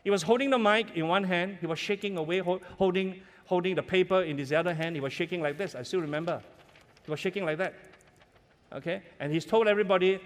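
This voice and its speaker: A middle-aged man preaches from the pulpit, his voice sitting a little high. He tells stories earnestly and builds to strong, emphatic peaks. His words ring out into a church hall with a long reverb. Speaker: pastor. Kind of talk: sermon. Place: church sanctuary.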